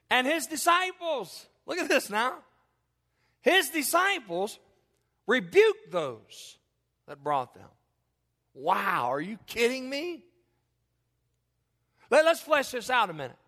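High-voiced, bright pastor preaching. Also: male voice. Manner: animated, emphatic, repeats phrases, jokes with the congregation. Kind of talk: sermon with humorous asides. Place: church sanctuary. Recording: long reverb of a church hall.

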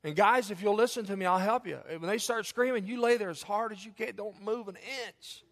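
A male pastor preaching an animated sermon, repeating phrases for emphasis and joking with his congregation, recorded in a church. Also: sits high, brisk. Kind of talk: sermon with humorous asides. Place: church sanctuary. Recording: long reverb of a church hall.

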